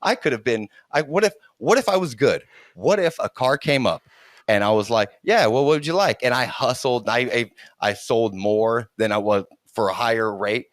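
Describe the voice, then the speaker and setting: A middle-aged man telling a childhood story in casual conversation, animated and laughing often, restarting his sentences as he goes. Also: medium pitch, normal speed, no room sound, studio quality.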